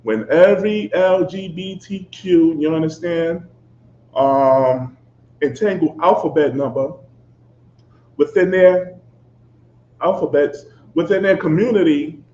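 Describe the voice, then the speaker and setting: A man's voice: on the high side, slow pace, pauses often, warm tone. A man preaching a fiery, confrontational sermon, swearing and asking "you understand?" after nearly every phrase. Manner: fiery and profane. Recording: echoey, dull lo-fi recording with faint background noise.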